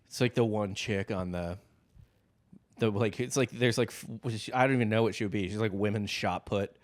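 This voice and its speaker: Low-voiced dude cohosting, rambles and cracks jokes, lots of like and uh. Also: male voice, a little fast. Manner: rambling, joking, full of likes and restarts. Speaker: podcast co-host. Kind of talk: casual chat.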